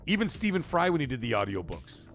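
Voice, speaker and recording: A man's voice: mid-range voice, sing-song, fast, a bit bright, soft background music. A man hosting a livestream, chatting casually and profanely in a rambling way while reading chat messages. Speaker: livestream host.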